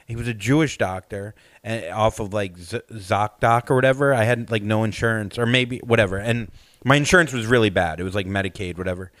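A man's voice: fairly low pitch, brisk, fairly bright tone, no echo. A comedian in his late thirties hosting a podcast, telling a rambling, self-mocking story in casual chat. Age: late 30s.

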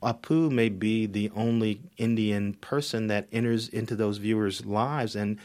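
A man's voice: lowish voice, fairly even intonation, measured pace, a little mellow. A man speaking as a critic in a radio interview, thoughtful, often repeating words as he starts. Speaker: media critic guest.

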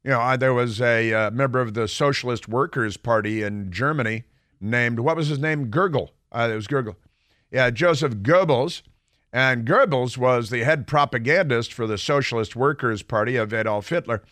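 A man's voice: medium pitch, normal speed, a bit bright, dry recording. A middle-aged man hosting a radio talk show, delivering opinionated commentary in a combative, mocking way with sarcastic asides. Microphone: studio microphone.

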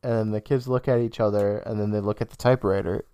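A man co-hosting a podcast, casually retelling a TV episode with laughter and quick quoted lines. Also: fairly low pitch, fairly even intonation, warm tone, smooth, no echo. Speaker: podcast co-host. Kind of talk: casual recap chat.

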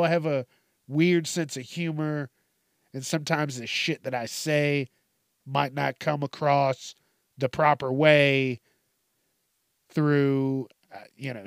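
A podcast host talks casually in a mid-range voice, profane and self-deprecating, laughing often and restarting his sentences. The sound is clean and studio-made, with no room sound.

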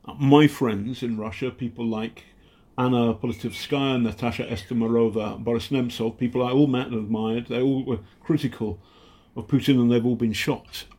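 A British investigative journalist telling stories in a casual interview, halting often and acting out the people he quotes. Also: mid-range voice, fairly even intonation, warm tone. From Britain. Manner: halting, many fillers and restarts, acts out quotes.

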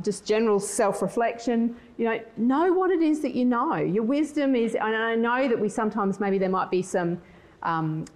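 A middle-aged woman speaking to a conference audience at a middle pitch. She talks in a loose, chatty way and drops into personal stories, restarting sentences and using filler words as she goes. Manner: lively storytelling, acts out quoted voices. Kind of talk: conference talk with personal anecdotes.

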